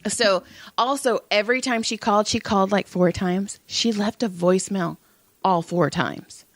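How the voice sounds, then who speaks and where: She's a podcast co-host with a mid-range voice, telling a story at a moderate pace over casual chat. Full of energy, she swears freely and performs the dialogue of the people involved. The sound is dry.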